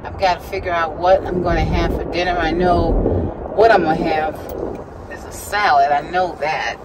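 A woman's voice: fairly low pitch, fairly even intonation, moderate pace, very noisy. A woman vlogger talking to her viewers while she drives, chatty and laughing, sometimes out of breath. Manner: chatty, laughs often, talks to herself. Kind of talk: casual chat while driving. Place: inside a car.

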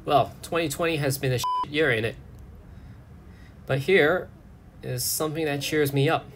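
A man's voice: fairly high pitch, moderate pace, fairly bright tone, a little hiss or hum. A man giving comic voice-over narration in a sardonic, joking manner with casual swearing.

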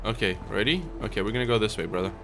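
A man hosting a gaming channel, chatting through a let's play, talking to viewers and soothing his in-game dog, and shouting when startled. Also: on the low side, rapid-fire. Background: game music.

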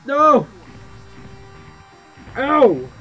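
A young man giving excited gameplay commentary, yelping and swearing as he plays. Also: very high voice, extremely slow. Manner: excitable, yelps and swears at the game. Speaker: gameplay streamer. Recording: muffled lo-fi mic with game music.

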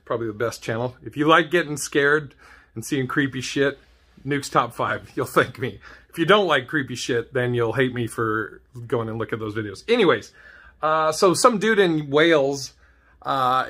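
A man's voice: medium pitch, a bit bright. Profane laughing man ranting. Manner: profane, laughs often, rambling. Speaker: vlogger. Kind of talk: comedic rant.

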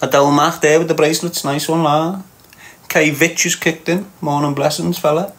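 A livestream host with a Liverpool Scouse accent reads viewer comments aloud, then mocks them with banter, laughs a lot and talks back to the chat. His voice is a bit high, steady and fairly bright at a moderate pace, with slight background noise.

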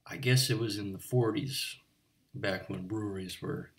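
A man's voice: lowish voice, steady tone, moderate pace, natural voice. A man voicing an eccentric, pedantic bartender in a comic monologue, rambling and digressive with chatty asides to the listener. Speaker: bartender character. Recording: voice a bit far from the mic.

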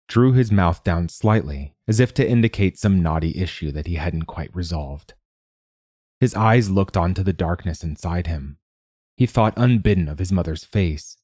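A male narrator with a very low, dark voice reads a fiction story. He is measured and even, and the sound is dry and close. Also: no echo.

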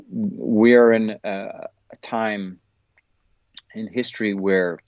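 Thoughtful low-voiced man, dull sound. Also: dry recording. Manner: thoughtful, earnest, searching for words. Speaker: actor, podcast guest. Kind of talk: casual interview answers.

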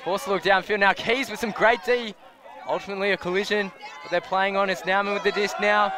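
Excitable male sports commentator. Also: sits high, fairly quick. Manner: excitable, rising sharply on big plays, jokey asides. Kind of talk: live play-by-play commentary. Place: outdoor sports field sideline. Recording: crowd noise and outdoor ambience. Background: crowd and outdoor noise.

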